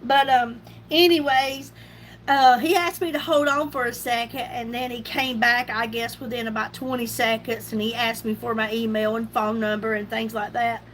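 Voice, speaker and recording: A woman's voice: a little high, little pitch movement, moderate pace, a bit bright, a little hiss or hum. A middle-aged woman chatting casually on a makeup livestream, laughing often and greeting viewers by name. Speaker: beauty livestream host. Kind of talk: casual makeup live chat.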